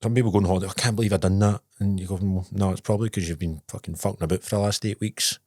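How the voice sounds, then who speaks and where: A Scottish podcast co-host tells sweary, laddish stories in casual chat, breaking into bursts of laughter. His low voice keeps a steady tone, racing along with a slightly mellow quality. The sound is clean studio audio with no echo.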